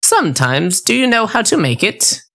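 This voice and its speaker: High screechy storybook witch, bossy and greedy, voice swooping way up and down, bright and cutting, a guy putting her on. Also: very animated, moderate pace, vocal fry, heavily acted. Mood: curious. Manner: high screechy put-on voice, snapping and cooing. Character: shrill green-skinned child-eating female witch, bossy. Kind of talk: audiobook character voice.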